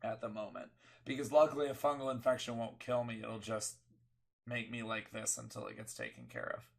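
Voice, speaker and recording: Gravelly, sick-sounding man chatting wryly. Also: on the low side, animated, a little fast. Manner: rambling, self-correcting, wry. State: sick, coughing. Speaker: podcast co-host. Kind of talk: casual chat.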